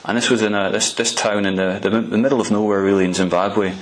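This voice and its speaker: A man's voice: fairly low pitch, steady tone, quick pace, poor audio. A man preaching a storytelling sermon in a conversational way, often restarting and repeating words.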